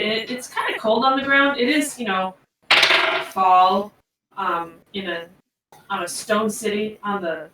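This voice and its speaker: A woman's voice: medium pitch, background noise. Far-off echoey woman game master. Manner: relaxed, rambling with fillers. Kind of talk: tabletop game narration.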